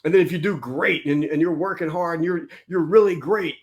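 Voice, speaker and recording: Male guest, blunt and preachy, slightly high voice. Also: fairly quick. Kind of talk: motivational casual talk.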